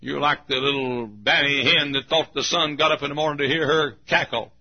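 An older preacher giving a sermon, moving from quiet storytelling to shouted emphasis, with frequent coughs. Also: male voice, a little high, steady tone, brisk. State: coughing often. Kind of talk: fiery sermon. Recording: muffled lo-fi sermon tape.

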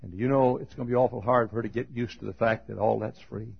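A man preaching a fiery funeral sermon, swinging from shouted high cries to hushed low tones and laughing between phrases, in a dull lo-fi recording. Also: steady tone, quick pace, vocal fry, slightly rough.

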